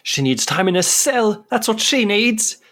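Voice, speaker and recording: A man doing a shrill, enraged weeping woman, pitched far above his own voice, slow and yelling, in a tabletop game. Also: sing-song, exaggerated voice. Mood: furious. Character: furious weeping woman from the audience.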